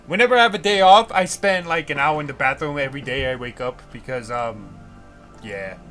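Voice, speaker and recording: A man's voice: mid-range voice, fairly quick, fairly bright tone, faint music behind. A young man from the United States who hosts a casual livestream, rambling and ranting with frequent swearing. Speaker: livestream host.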